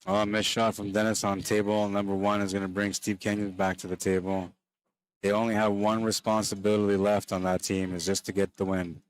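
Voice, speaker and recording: A man giving relaxed, chatty live play-by-play commentary on a pool match, a little worn down late in the day and talking straight to stream viewers. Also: on the low side, fairly quick, clear, resonant tone, no room sound.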